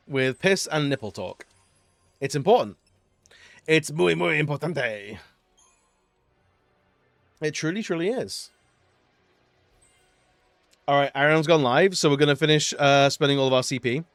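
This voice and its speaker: A man's voice: a little high, sing-song, normal speed, pauses often, clean tone, dry recording, faint music behind. A man streaming live, chatting casually, joking, laughing often and rambling between stories.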